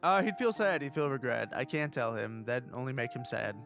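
A man's voice: mid-range voice, expressive, a little fast, creaky, music in the background. A man hosting a let's play, reading the game's text aloud in a mock-dramatic way.

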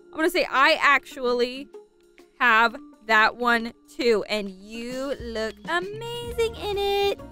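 A young woman hosting a gaming channel, narrating a game role-play in a chatty, excitable way and talking to her viewers. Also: very high-pitched.

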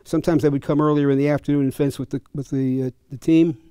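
A man's voice: fairly high pitch, little pitch movement, fast talker, dark tone, clear, resonant tone, no room sound, studio quality. An older man and fencing coach, telling chatty, chuckling anecdotes at a clinic. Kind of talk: casual anecdotal storytelling.

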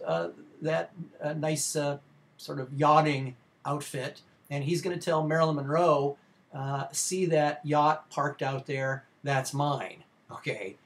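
A man's voice: a little high, gravelly. A middle-aged man giving a recorded slide lecture for a film class, informal and rambling, with many fillers and restarts.

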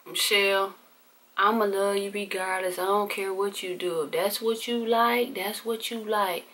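A calm middle-aged mother speaks softly and steadily, her voice bright and unhurried, as the narrator voices her. She sounds unbothered and accepting. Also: mid-range voice, close to an everyday voice.

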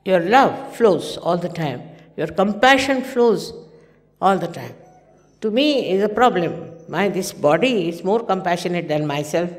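A woman's voice: fairly low pitch, lively intonation, a little slow. A woman in her seventies with an Indian English accent, giving an informal spiritual talk in a conversational, story-telling manner and acting out the dialogue of her anecdotes. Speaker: spiritual teacher. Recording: long hall reverb.

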